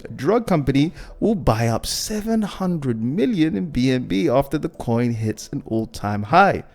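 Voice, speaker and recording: A man hosting his own channel, commenting on the week's crypto news in a loose, repetitive way and often addressing viewers as "guys". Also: medium pitch. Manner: animated, repeats himself, keeps saying "guys".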